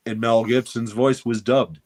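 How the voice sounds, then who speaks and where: A man's voice: medium pitch, fairly even intonation, unhurried, a little mellow. A man co-hosting a movie podcast, telling stories with enthusiasm and casual swearing. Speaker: podcast co-host. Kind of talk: casual chat.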